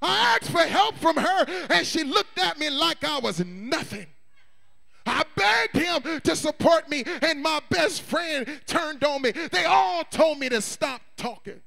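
A male pastor preaching a sermon, swinging between shouts and hushed asides and calling on the congregation to respond. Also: extremely high pitch, lively intonation, unhurried, gravelly. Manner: call-and-response prompts to the congregation.

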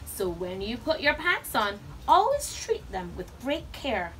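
A woman reading picture books aloud to children, with expressive, animated storytelling. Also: fairly high pitch, a little slow, slight background noise, rough recording.

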